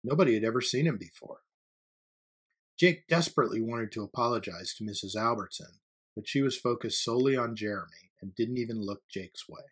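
Husky-voiced man narrating a story. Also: medium pitch, fairly quick. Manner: steady, even-paced storytelling delivery. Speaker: audiobook narrator.

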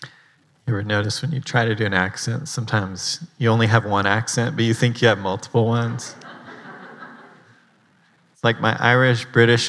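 A man's voice: fairly low pitch, gravelly, a bit bright, big-room sound. A man giving a casual sermon as pastor, chatty, with rambling asides.

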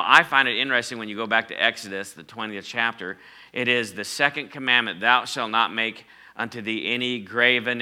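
A middle-aged male pastor preaching a sermon, calling on the congregation to repeat words and swinging between loud declarations and hushed phrases. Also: medium pitch. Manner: preaching with call-and-response prompts, swinging from loud to quiet.

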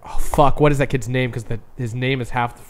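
Animated casual man on a podcast. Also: mid-range voice, fairly quick, slight background noise. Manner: animated storyteller, swears casually. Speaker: podcast host. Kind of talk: casual beer-tasting chat.

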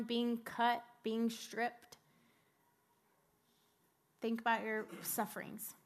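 A woman's voice: fairly high pitch, fairly bright tone. A woman in her thirties preaching a sermon, telling a personal story and rising to fervent exclamations.

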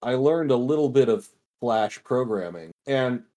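A man's voice: medium pitch, expressive, unhurried, dark tone. A young man co-hosting a podcast in casual chat, rambling and self-deprecating with restarts. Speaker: podcast co-host.

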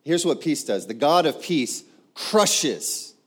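A man's voice: fairly high pitch, lively intonation, normal speed, breathy edge. A man preaching a sermon, emphatic and punchy, often driving a point home through repetition. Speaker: pastor.

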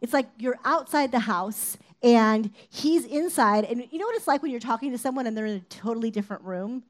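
A woman giving a casual, conversational sermon, sometimes acting out shouted lines. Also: fairly high pitch, lively intonation, a little fast. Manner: conversational, acts out shouted quotes. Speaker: preacher.

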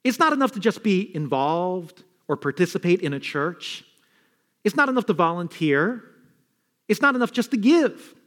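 A male pastor delivers an animated sermon in a notably high voice that leaps up and drops low. He doubles words as he drives toward his points. His voice carries a long reverb from a large church hall. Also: moderate pace. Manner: animated preaching, swinging between loud high emphasis and low quiet asides; repeats words when building to a point.

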